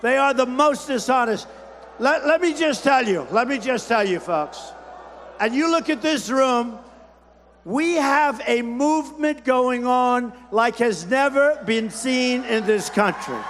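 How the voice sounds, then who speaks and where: High-pitched older man shouting in an arena. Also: expressive, slow pace. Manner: repetitive, punchy, boastful, shouting over a crowd. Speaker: political candidate at a rally. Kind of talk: campaign rally speech. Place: large rally hall. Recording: long hall reverb from a big arena.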